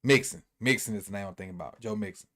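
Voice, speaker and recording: A man's voice: fairly low pitch, fast talker, a bit bright. Easygoing man rambling through a sports recap. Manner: loose, rambling, repeats himself, thinks aloud. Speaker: sports commentator.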